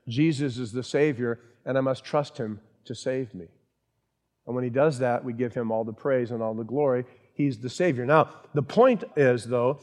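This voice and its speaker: Emphatic male preacher with a raised pitch. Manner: emphatic, repeats key phrases, asks the congregation questions. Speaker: pastor. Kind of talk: sermon.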